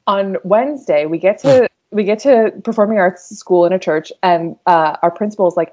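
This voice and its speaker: A young adult woman co-hosting a podcast, telling comedic stories casually and acting out quotes loudly. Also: mid-range voice, a little fast, hardly any pauses, highs cut off. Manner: animated, loud acted-out quotes. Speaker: podcast co-host.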